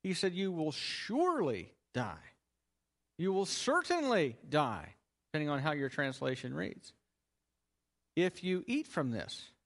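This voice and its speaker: A man's voice: a little high, big pitch swings, a little slow, vocal fry. A man teaching a sermon on a Bible passage, asking the listeners questions and then answering them himself, stressing key words as he goes. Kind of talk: expository sermon.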